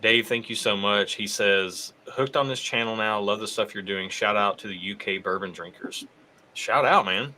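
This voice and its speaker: Southern US male host, bright, lower-pitched voice, upbeat, reads viewer comments, faint background noise. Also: moderate pace, rough recording. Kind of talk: casual live-stream chat.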